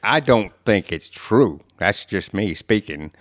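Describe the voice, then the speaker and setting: A man co-hosting a podcast, giving measured, thoughtful commentary. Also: fairly low pitch, expressive, fairly bright tone, no room sound, clean studio sound. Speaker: podcast co-host. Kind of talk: casual chat.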